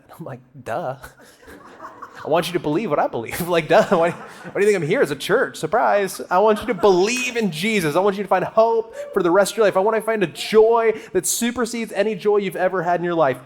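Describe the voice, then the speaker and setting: A man preaching a conversational sermon to a church crowd, animated and joking as he talks to them. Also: high voice. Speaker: guest preacher. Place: church auditorium.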